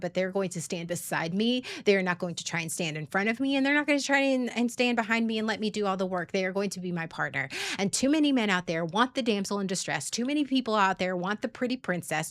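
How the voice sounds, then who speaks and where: A woman's voice: mid-range voice, fairly bright tone, no echo. Brief: frank woman in her thirties, casual stream talk, swears freely, dry close sound. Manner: candid, profane, laughing often. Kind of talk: casual livestream monologue.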